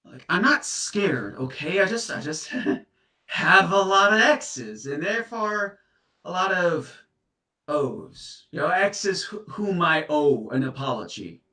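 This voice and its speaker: A man's voice: sits high, big pitch swings, slow, sharp tone, heavily acted. A man acting as a guilt-ridden serial dumper confronted by an ex's ghost, stammering through flustered apologies in a comedy sketch. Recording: echoey room, distant mic.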